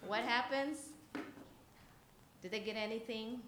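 A woman gives a children's message at church, telling a story chattily, laughing readily and often asking her listeners questions. Her voice is a little high and echoes through the church hall, with a faint hum of ambience behind it.

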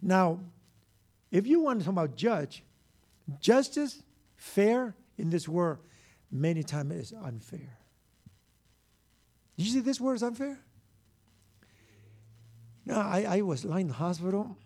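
Man, high voice, middle-aged preacher, broken grammar, impassioned. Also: sing-song, a little slow, long pauses. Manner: impassioned, shifts from hushed to loud exclaiming; broken grammar, frequent repeats. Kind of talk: sermon.

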